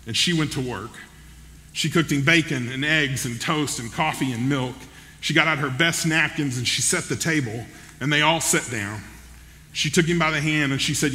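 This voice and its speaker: A man's voice: a little high, normal speed, sharp tone. A man preaching a sermon, telling a story in a folksy, conversational way and checking in with listeners, heard in a large hall. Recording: long reverb in a large hall.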